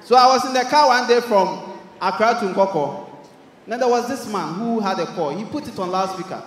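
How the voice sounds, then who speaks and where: A young Ghanaian man with a Ghanaian English accent doing animated stand-up comedy, acting out characters with shouts. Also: high-pitched, brisk, echoey room, in a large hall. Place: large hall with live audience.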